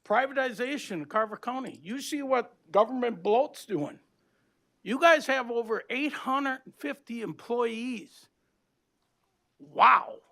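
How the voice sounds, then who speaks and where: An older man from Minnesota giving an aggrieved, blunt public comment at a county board meeting, plain-spoken with rough grammar. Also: very high-pitched, expressive, a little slow, a bit bright. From Minnesota, USA.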